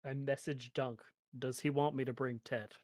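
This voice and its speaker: Male tabletop player, dry close sound, mid pitch, polite and apologetic. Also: flat delivery, normal speed, no echo. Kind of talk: casual tabletop play.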